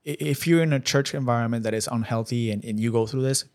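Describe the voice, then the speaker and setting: On a podcast, a man shares a moving personal testimony with a mid-range, slightly mellow voice. His delivery is earnest and halting, with frequent restarts.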